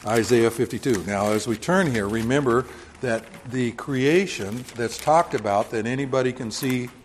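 A man's voice: medium pitch, normal speed, big-room sound, a little hiss or hum. A man preaching a Bible lesson in a conversational way, explaining with everyday examples and correcting himself as he goes. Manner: conversational, explains with homely examples, many fillers and self-corrections. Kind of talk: Bible teaching sermon.

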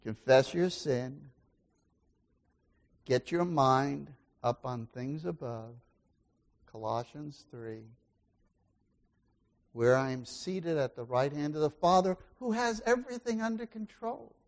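A man preaching a sermon as pastor, asking the congregation questions and swinging between loud exclamations and quiet asides. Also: a little high, takes it slowly, long pauses.

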